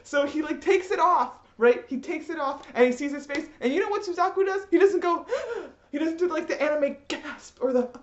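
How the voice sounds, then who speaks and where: A young woman ranting in an exasperated, animated vlog, laughing often. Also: high voice, normal speed. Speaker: vlogger. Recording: echoey room, slightly dull.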